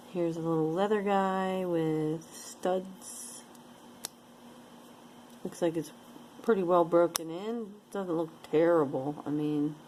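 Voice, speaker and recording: A woman's voice: lowish voice, dark tone, a little hiss or hum, poor audio. A woman casually showing and describing jewelry pieces one by one, with playful sing-song asides. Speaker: jewelry unboxing vlogger. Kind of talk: casual show-and-tell commentary.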